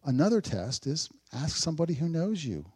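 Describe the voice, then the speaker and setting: A man's voice: on the high side, sing-song, a little fast, husky. Male pastor, conversational sermon delivery, dry humor, big dynamic swings. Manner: conversational preaching with dry sarcasm, swings from loud to hushed.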